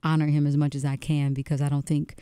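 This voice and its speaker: A woman speaks in a low, smooth and mellow voice, earnest and a little halting as she tells her story. She sits at a dry, close studio microphone. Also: level tone, no echo. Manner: earnest, halting, with many restarts. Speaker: musician guest on radio show. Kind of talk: casual interview storytelling.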